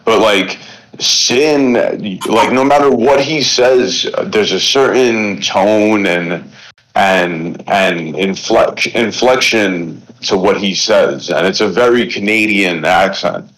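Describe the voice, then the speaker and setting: A man from the Bronx with a New York accent, a podcast guest, who talks in a rambling, profane way with many restarts while high. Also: slow, fairly bright tone, rough recording. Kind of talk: casual chat.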